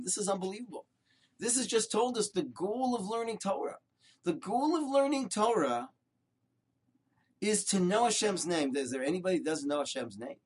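This Torah lesson comes from an older rabbi whose voice is husky and fairly high. Animated in his storytelling, he throws out rhetorical questions and keeps hammering short, repeated phrases.

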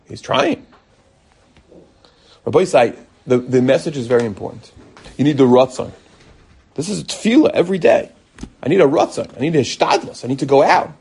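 A middle-aged man, a rabbi, giving an animated Torah lecture full of stories and bursts of emphasis. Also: medium pitch, brisk, creaky, long pauses, slightly rough. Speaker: rabbi teaching a Torah class.

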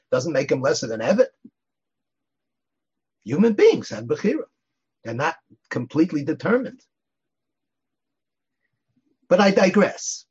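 Very husky older man teaching. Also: a little high, darkish tone, lo-fi sound. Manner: digressive storyteller, chuckles often, many "you know"s. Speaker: rabbi teaching a class. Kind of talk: informal Torah lecture.

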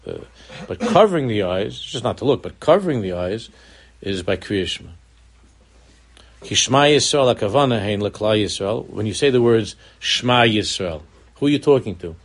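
A man's voice: on the low side, expressive, normal speed, husky. Earnest man teaching Torah. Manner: earnest, repeats words, mixes Hebrew terms into English, rises in emphasis. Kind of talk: Torah lecture.

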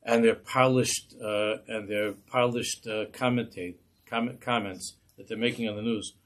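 A man's voice: on the low side, steady tone, a little slow. A man, a rabbi, teaching a Torah class in a passionate, rhetorical way. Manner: impassioned, rhetorical.

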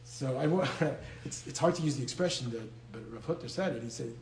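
A man's voice: medium pitch, brisk, darkish tone, roomy sound, poor audio. A man giving an informal Torah lecture, talking conversationally and often repeating his words, with Hebrew and Yiddish terms mixed in. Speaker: lecturer on Jewish law and medical ethics.

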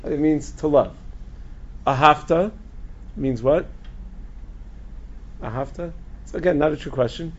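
Rabbi lecturing a group: husky, gravelly, slightly high male voice that restarts often, dull lo-fi recording. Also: measured pace, pauses often. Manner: asks the audience questions and answers them himself; restarts and repeats words often.

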